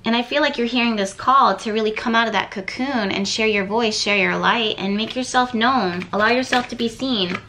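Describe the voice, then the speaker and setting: A woman's voice: on the high side, normal speed, few pauses, pushed and bright, a little hiss or hum. A woman giving a casual tarot reading to camera, thinking aloud and rambling with lots of fillers and repeated words. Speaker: tarot card reader.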